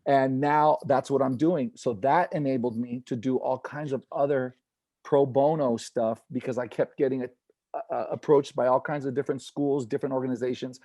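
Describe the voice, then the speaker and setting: A man who is an inspirational speaker and comedian, giving an energetic, earnest motivational talk on a video call and bringing quoted people to life with animated voices. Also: medium pitch, moderate pace, no room sound.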